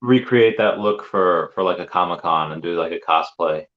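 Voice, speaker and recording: A man hosting a podcast interview, enthusiastic and quick to react. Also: deep voice, dull audio. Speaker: podcast host. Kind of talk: casual interview.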